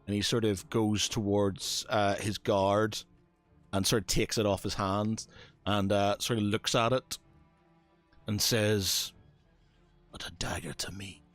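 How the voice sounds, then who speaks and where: A man's voice: on the low side, little pitch movement, slow pace, no room sound, faint music behind. A man narrating as dungeon master in a tabletop game, hesitant and full of fillers.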